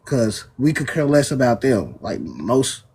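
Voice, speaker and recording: A man's voice: medium pitch, very animated, a little slow, darkish tone, husky. A man from the US moderating and arguing on a live debate panel, casual and dismissive.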